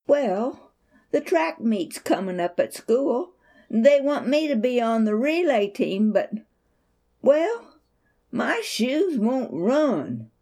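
An earnest, eager young boy from a children's storybook, raised high and bright above the storyteller's own voice, with a polite, pleading way of talking, as a woman reader puts him on. The tone swings widely and lightly. He sounds humble and hopeful. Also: expressive, slow. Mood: earnest, worried.

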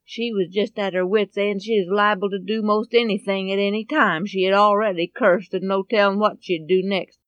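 A woman telling a Bible story in an expressive way, swinging between loud and hushed. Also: mid-range voice, normal speed, few pauses, dry recording.

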